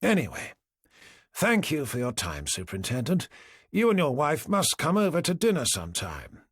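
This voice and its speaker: A man's voice: on the high side, huge pitch swings, moderate pace, fairly bright tone, breathy edge, no echo, studio quality, voice pushed up, full character voice. A man doing a smug, smirking villainous politician. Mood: smirking, sly.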